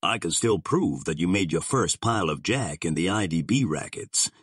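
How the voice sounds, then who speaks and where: A man's voice: sits low, lively intonation, normal speed, breathy edge, no echo, studio quality. A man voicing a sardonic male gangster boss who drawls his threats in slang. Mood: menacing.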